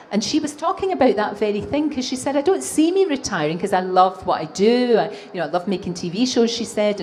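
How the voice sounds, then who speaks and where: A woman in her sixties with a Glaswegian Scottish accent, a TV presenter answering audience questions on stage, animated and laughing often. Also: medium pitch, a little hiss or hum. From Scotland. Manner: animated storytelling with frequent laughs. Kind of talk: live stage Q&A. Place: exhibition hall stage.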